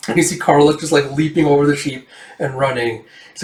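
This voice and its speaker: A man casually recapping a comic book, voicing the characters' lines himself and jumping into loud shouts for the dramatic ones. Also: fairly high pitch, level tone, fast talker. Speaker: manga reader recapping a comic. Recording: echoey room, far from the mic.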